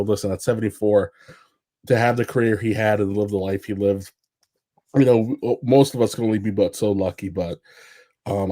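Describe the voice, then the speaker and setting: A man's voice: on the low side, dry recording. A man on a wrestling podcast panel telling stories in casual chat, with a lot of fillers and restarts. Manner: rambling, many fillers and restarts; animated, acts out quotes in raised voice.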